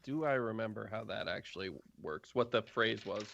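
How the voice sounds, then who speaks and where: A man's voice: lowish voice, moderate pace, gravelly, a bit bright, lo-fi sound. A man running a tabletop game on a live stream, talking loose and chatty with filler words. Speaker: game master.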